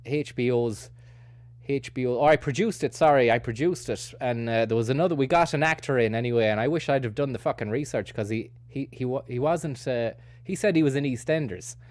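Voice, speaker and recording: A man's voice: medium pitch, a little mellow, no room sound. A man hosting a stream, rambling through casual, self-mocking commentary with sweary asides. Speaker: streamer host.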